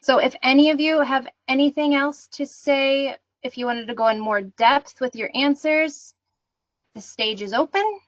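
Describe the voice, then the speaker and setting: A woman's voice: high-pitched, moderate pace, no echo, muffled recording. A woman hosting an online workshop, talking in an earnest, reassuring way and reading audience comments aloud over a video call. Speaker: workshop host. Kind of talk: encouraging online workshop talk.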